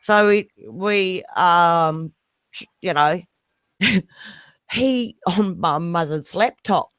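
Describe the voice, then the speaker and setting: Slow rambling New man. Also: sits high, fairly bright tone, smooth, dry recording, studio quality. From New Zealand. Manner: rambling, swears freely, apologetic. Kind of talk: casual group voice chat.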